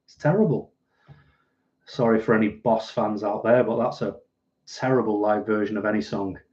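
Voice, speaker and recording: Hosting a casual livestream, a man from Manchester, England, speaks in a Mancunian accent with a fairly low pitch and darkish tone at normal speed. He responds to viewer comments dryly and self-deprecatingly over a muffled recording.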